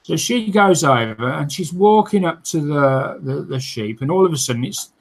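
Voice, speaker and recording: A man's voice: a little high, expressive, moderate pace, rough recording. A man hosting a modelling livestream, chatting casually and reading out viewer comments, often laughing, with lots of fillers and restarts.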